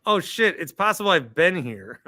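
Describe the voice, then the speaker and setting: A man's voice: fairly high pitch, sing-song, moderate pace, bright, forceful tone, no echo, clean studio sound. A man hosting a casual call-in show, joking and teasing his callers. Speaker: show host.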